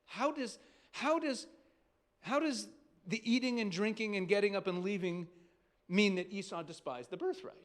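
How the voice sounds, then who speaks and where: A man's voice: high voice, moderate pace. A man, a rabbi, preaching in a conversational, emphatic way, asking rhetorical questions and restarting sentences. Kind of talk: sermon.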